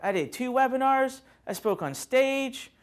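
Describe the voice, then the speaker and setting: At a live motivational seminar, a male speaker addresses a workshop audience in an extremely high-pitched, clear and resonant voice at a measured pace. He tells stories animatedly, acting out scenes and joking with the room.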